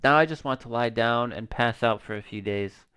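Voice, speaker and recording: A man reading the lines of an exhausted middle-aged mother from a game, in a weary, flat manner. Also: mid-range voice, moderate pace, clear, resonant tone, lightly acted. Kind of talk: reading game dialogue aloud.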